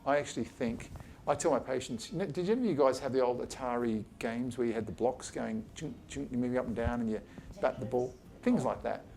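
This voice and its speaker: Male surgeon, mid-pitched, gravelly, blunt and chatty, informal talk to a small group. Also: brisk, hardly any pauses, a little mellow, a little hiss or hum. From Australia. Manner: blunt and chatty, swears casually, acts out patient exchanges. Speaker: eye surgeon giving a talk. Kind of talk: informal lecture to colleagues. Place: his office, talking to a small group.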